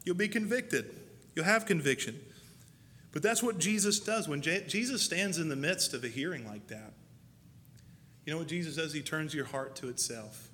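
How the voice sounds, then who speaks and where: A man's voice: on the high side, lively intonation, normal speed, bright, forceful tone. A man preaching a sermon in a church, folksy and emphatic, laughing at himself now and then. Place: church sanctuary. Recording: hall reverb, faint noise.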